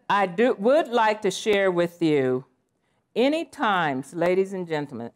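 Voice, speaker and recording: A woman in her sixties giving a lively, playful conference presentation with exclamations and asides. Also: mid-range voice. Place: conference session room.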